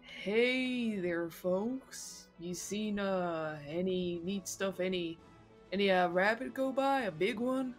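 A woman voicing a slow, easygoing male box turtle in a relaxed drawl. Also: mid-range voice, faint music behind, close to an everyday voice. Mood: curious.

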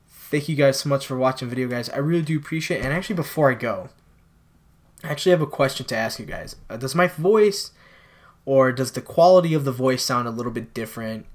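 A man commentating his own gameplay for viewers on a new microphone, frustrated and exclaiming as he plays. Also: mid-range voice. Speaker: gaming channel host. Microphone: new desktop microphone.

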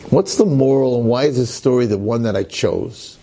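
A middle-aged rabbi telling a story in a dramatic, animated way, acting out its characters. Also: male voice, medium pitch, normal speed, vocal fry, hardly any pauses. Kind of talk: storytelling lecture.

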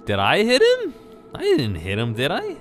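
A man casually commenting on his own gameplay, switching between excited yelps and shouts and muttered asides. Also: fairly high pitch, moderate pace, soft background music. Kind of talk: casual let's play commentary.

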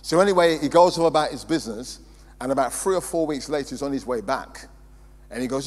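A male pastor, preaching a sermon in a church hall and swinging between loud emphasis and quiet storytelling. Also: medium pitch, fast. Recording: reverberant hall with mains hum.

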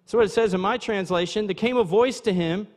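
High-voiced pastor preaching in a reverberant church. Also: male voice, a little fast. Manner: conversational preaching, asides to the congregation. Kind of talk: sermon. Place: church sanctuary.

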